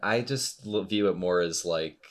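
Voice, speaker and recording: A man co-hosting a comics podcast with a very deep voice. He talks haltingly, restarting and laughing as he searches for his words. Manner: hesitant, laughing, many likes. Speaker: podcast co-host. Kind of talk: casual chat.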